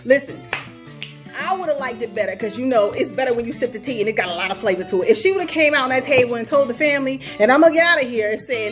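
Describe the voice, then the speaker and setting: A woman's voice: high-pitched, fast talker, faint music behind. A woman hosting her own show, chatting in a sassy, playful way and talking straight to her listeners. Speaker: podcast host. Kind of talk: casual commentary.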